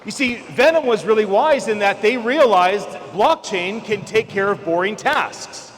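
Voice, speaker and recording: A man in his forties from California giving an energetic keynote speech at a conference, emphatic and at times shouting for emphasis. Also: sits high, measured pace, a faint crowd, slight background noise. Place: large event hall. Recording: echoey hall with faint ambience.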